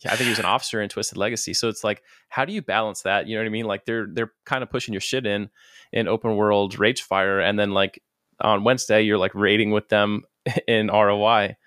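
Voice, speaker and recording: A man with a somewhat low voice hosts a laid-back podcast interview. He fires off loose questions, peppered with casual swearing. The sound is dry and close to the mic. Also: fairly even intonation, fairly quick, fairly bright tone, clear, resonant tone, no room sound. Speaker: podcast host.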